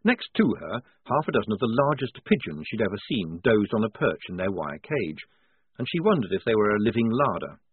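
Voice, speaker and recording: Man, audiobook narration, wry and expressive, lively pitch, husky, tinny phone-like sound. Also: a little fast, no echo. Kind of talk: scripted narration.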